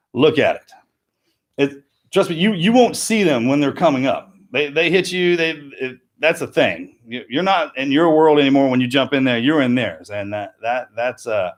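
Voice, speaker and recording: A man co-hosting a casual live-stream chat, telling stories in a laid-back way and restarting his words as he goes. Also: on the high side. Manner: storytelling, laid-back, repeats words as he starts. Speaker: podcast co-host.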